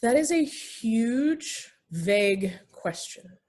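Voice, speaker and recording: A woman's voice: fairly high pitch, very animated, drawn-out words. Searching, thoughtful woman explaining. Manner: thoughtful, searching, many ums and restarts; acts out example dialogue in a lifted, gentle voice. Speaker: minister and therapist, guest. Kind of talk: interview answers, explanatory.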